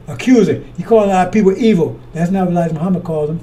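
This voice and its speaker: A man's voice: high voice, racing, hardly any pauses, mellow, distant mic. A man preaching fiery, accusatory commentary on scripture, repeating himself as he drives each point home.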